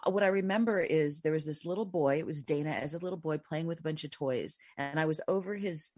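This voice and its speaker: A woman hosting a casual chat show, telling a story with animated energy and acting out the lines she quotes. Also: low-pitched, fast, no room sound, studio quality. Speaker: show host.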